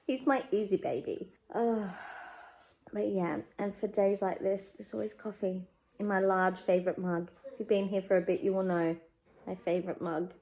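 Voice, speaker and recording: A woman in her thirties with an Australian accent, a working mum giving a candid, chatty life update from her home that turns quieter and more emotional when she talks about parenting. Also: mid-range voice, fairly even intonation, a little slow, low-quality recording. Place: at home, in her living room.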